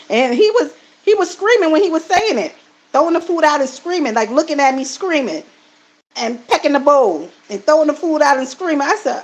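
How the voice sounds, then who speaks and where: A middle-aged woman with a somewhat high voice is talking loosely on a live stream. She reads viewers' comments aloud, answers them, calls the viewers family and fills her pauses with "um" and "mm-hmm". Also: animated, rough recording. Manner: addresses viewers as family, frequent fillers. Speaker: live-stream host and card reader. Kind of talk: casual live-stream chat.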